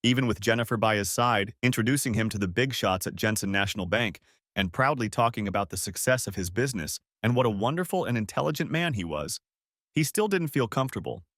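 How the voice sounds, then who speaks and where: A man narrating an audiobook story in a dramatic, expressive reading. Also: fairly low pitch, fast talker, no room sound, clean studio sound.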